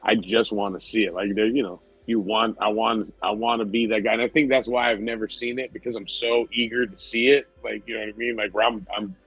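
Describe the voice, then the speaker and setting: A man's voice: fairly low pitch, fairly even intonation, fairly quick, few pauses, a bit bright, husky, no echo, faint music behind, low-quality recording. A man co-hosting a podcast, telling a story in casual, rambling chat, swearing freely and laughing often. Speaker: podcast co-host.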